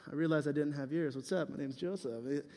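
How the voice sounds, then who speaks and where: A man's voice: fairly high pitch, fast, warm tone. A young man giving a playful youth sermon as pastor, teasing and quizzing his listeners. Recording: reverberant hall.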